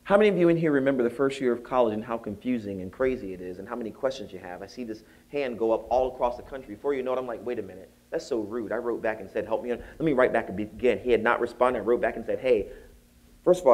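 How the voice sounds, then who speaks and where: A man giving a storytelling keynote at a conference, acting out the people in his story and rising to high exclaims. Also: fast, few pauses. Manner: animated, acts out voices, rises to high exclaims. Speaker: keynote speaker. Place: conference hall.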